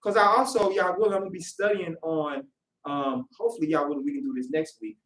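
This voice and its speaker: A man preaching a sermon in casual, conversational speech, lively as he acts out voices. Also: on the high side, brisk, slight background noise. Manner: animated, acts out quoted voices. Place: worship hall. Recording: echoey room, voice from far off.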